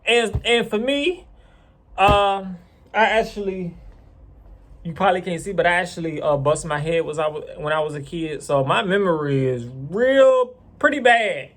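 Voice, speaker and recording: A man's voice: high voice, normal speed. A man casually telling a rambling, profane story to camera. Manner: rambling, profane, animated retelling.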